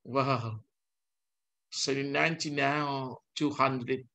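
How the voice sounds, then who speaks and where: An older man, a law professor giving a university lecture in English, slow and halting, with frequent pauses and restarts. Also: mid-range voice, steady tone, creaky, sharp tone. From Indonesia. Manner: mixes in Dutch legal text.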